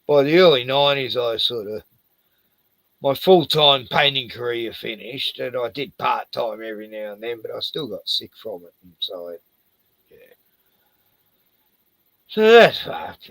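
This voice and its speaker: A man's voice: on the low side, vocal fry, bright, forceful tone, no echo, poor audio. An older man, a retired house painter, rambling and swearing through a casual chat with lots of "you know".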